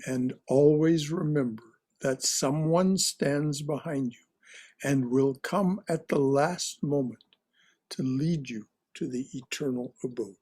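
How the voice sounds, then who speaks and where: A man teaching a religious class, reading stories aloud slowly and deliberately and stopping to comment on them. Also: mid-range voice, darkish tone, breathy edge. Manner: slow, deliberate reading with repetitions and restarts. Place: online class.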